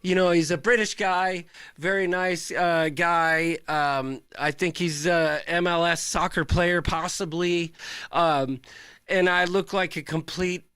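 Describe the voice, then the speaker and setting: A high-pitched man with a bright, smooth, clear voice rants with mock outrage while co-hosting a casual live chat. The sound is dry and close, with little room around it. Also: slow, no echo. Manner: animated, ranting, mock-outraged. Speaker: co-host.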